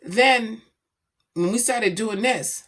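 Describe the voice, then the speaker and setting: A middle-aged woman chatting casually about her daughter, animated and slangy as she tells stories. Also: a little high, takes it slowly. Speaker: vlogger, mother. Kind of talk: casual chat.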